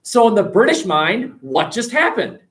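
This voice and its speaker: A man teaching a history class, lively and questioning, recorded from across a classroom. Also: high voice, moderate pace. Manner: animated, asks the class questions, jokes. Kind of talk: classroom lecture. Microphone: webcam across the room. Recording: distant webcam sound.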